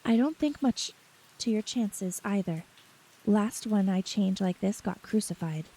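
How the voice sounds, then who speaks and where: A woman's voice: a little slow, dark tone, breathy edge, poor audio. A woman voicing a gloomy male smith who murmurs a warning, in a whispered role-play reading. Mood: grim. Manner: murmured, low.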